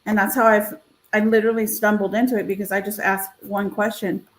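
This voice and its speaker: A woman with a medium-pitched voice talks fairly quickly over a rough recording. She's a realtor and co-host on a video call, animatedly telling a story on a live stream and acting out the voices she quotes.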